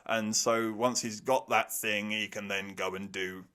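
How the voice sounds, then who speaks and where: A man's voice: lowish voice, steady tone, measured pace, sharp tone. A young man giving a sarcastic, exasperated film review rant, swearing freely. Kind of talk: ranting movie review.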